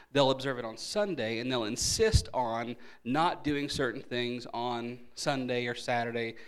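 A man delivering a sermon in an emphatic teaching voice. He poses questions to the congregation and answers them, swinging between loud stressed words and softer asides. His voice sits at an ordinary middle pitch for a man. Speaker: pastor. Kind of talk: evening Bible teaching sermon.

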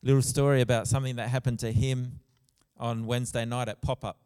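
A man preaching a sermon in a church, earnest, with soft passages and loud emphatic bursts. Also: mid-range voice, level tone, a little fast, clear, resonant tone. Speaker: pastor. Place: church hall. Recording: long church reverb.

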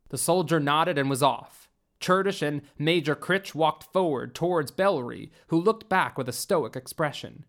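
A man reads a science fiction story aloud as its narrator. His delivery is steady and deliberate. His voice sits a little high for a man.

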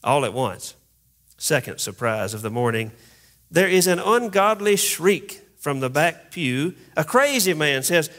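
A man, a pastor, preaching a conversational sermon with humorous asides, speeding up for jokes and slowing for emphasis. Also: a little high, lively intonation, fairly bright tone. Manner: conversational, humorous storytelling, pace shifting from quick asides to slow emphasis.

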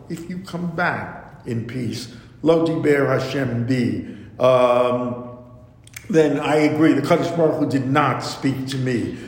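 A man teaching a scripture class, slowly reading Hebrew verses aloud and then explaining them in English. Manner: slow, deliberate explaining, reads Hebrew verse then translates. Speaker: Torah teacher. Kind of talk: lecture on scripture. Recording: echoey hall with faint rumble.

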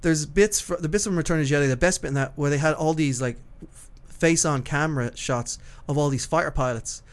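Male podcast host in loose, rambling conversation, with frequent swearing and easy laughter; slightly higher-than-typical voice. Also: brisk, smooth. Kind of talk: casual chat.

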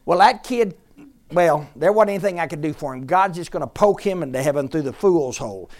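A woman teaching a Bible class to a room of listeners, lively and joking as she quizzes them. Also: low-pitched, fairly quick. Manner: lively, jokey, quizzes the audience.

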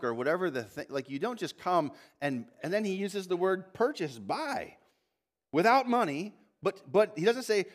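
A man preaching a sermon as lead pastor in a church, animated and full of restarts and asides, lifting his voice when reading scripture aloud. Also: sits high, fairly quick. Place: church sanctuary.

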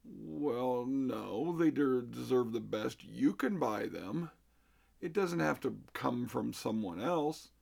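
A man's voice: medium pitch, animated, slow, creaky, a little mellow. A middle-aged man telling a story casually, recounting conversations with an exasperated manner.

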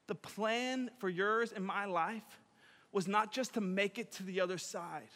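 A young male preacher with a notably high, bright voice talks his way through an energetic, chatty sermon. He drops and raises his volume often, and a long reverb fills the large hall around him. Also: measured pace. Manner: chatty, many fillers, swings between loud and quiet.

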